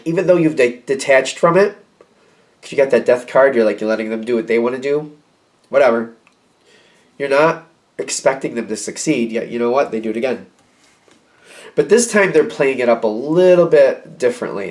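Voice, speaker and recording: A man giving a casual tarot reading, animated and repeating phrases as he acts out quoted reactions. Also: medium pitch. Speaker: tarot reader.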